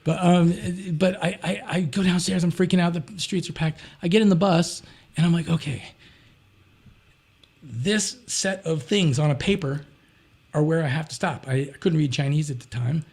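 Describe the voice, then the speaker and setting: A man talking as a podcast guest, telling a long story in an animated, rambling way and acting out other people's voices. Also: fairly high pitch, moderate pace, breathy edge. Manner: rambling, with frequent restarts and "you know". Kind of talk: casual anecdote storytelling.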